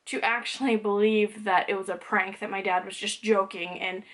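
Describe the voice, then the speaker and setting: A woman's voice: medium pitch, fairly even intonation, normal speed, a bit bright. Candid young woman vlogging to camera. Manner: candid, conversational, frequent "like" and "um". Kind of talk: personal talking-to-camera vlog.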